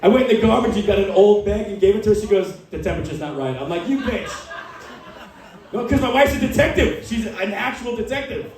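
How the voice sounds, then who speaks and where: A man in his forties performs a stand-up set with a fairly high voice and a deadpan storytelling manner. He acts out the people he quotes. He sounds far from the mic, in a strongly echoing club. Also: quick pace, few pauses. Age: 40s. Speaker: stand-up comedian. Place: small comedy club.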